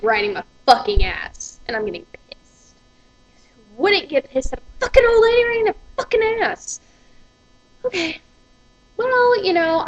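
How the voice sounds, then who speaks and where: High animated woman ranting. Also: highs cut off. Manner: profane, exasperated ranting. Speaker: vlogger. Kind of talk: ranting vlog.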